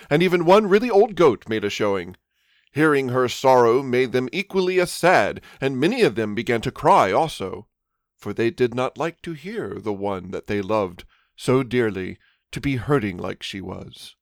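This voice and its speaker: A man's voice: medium pitch, dry recording, studio quality. A man narrating a comic adult storybook in a mock-innocent fairy-tale manner.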